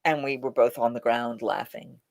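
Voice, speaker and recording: A woman hosting a casual live chat, telling stories in an animated way and acting out quotes. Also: extremely low pitch, normal speed, vocal fry. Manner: animated, laughing storyteller who acts out quotes. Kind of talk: casual live-stream storytelling.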